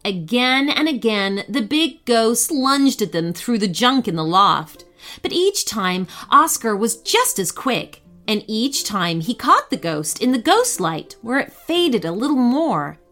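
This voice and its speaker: A woman narrating a children's bedtime story with expressive, animated storytelling. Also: on the high side, unhurried, faint music behind.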